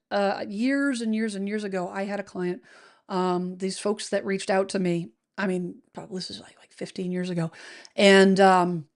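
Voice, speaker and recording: Middle-aged American woman, casual livestream host, rambling and chatty, reads comments aloud. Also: medium pitch. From United States. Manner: chatty and rambling, many fillers and restarts. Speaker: real estate show host. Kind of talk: casual livestream chat reading viewer comments.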